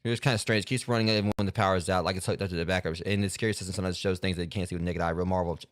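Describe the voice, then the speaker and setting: A man's voice: low-pitched, fairly even intonation, very fast, no echo. A man streaming himself playing a game, chatting casually and rambling, with lots of fillers. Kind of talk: gameplay commentary.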